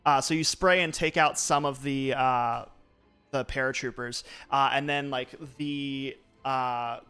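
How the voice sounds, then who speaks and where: A man's voice: mid-range voice, pushed and bright, clean tone. A young man narrating as game master, loose and full of fillers.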